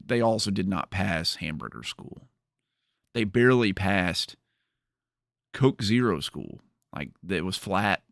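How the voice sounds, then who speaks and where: A man's voice: fairly low pitch, no room sound, studio quality. A man hosting a livestream, chatting casually and rambling with jokes to his viewers. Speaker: streamer host.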